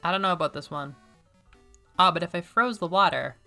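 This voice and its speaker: A woman streamer chatting casually and excitably while she plays a video game, often joking at her own expense. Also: on the low side, moderate pace, vocal fry, faint music behind. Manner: chatty, excitable, self-deprecating. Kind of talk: casual gameplay commentary.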